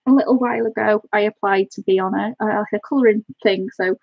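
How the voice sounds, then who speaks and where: Gushing husky woman live-streaming. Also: mid-range voice, fast talker, no echo, dull audio. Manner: gushing, excitable, thanks viewers by name. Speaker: live-streamer chatting with viewers. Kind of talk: casual live-stream chat.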